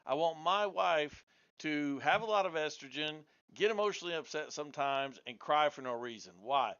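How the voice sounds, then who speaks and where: A combative man argues bluntly in a heated debate, his voice bright and a touch high. He talks over the others and keeps pressing his point. The sound is dull and lo-fi. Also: lively intonation, moderate pace, smooth. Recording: dull lo-fi audio.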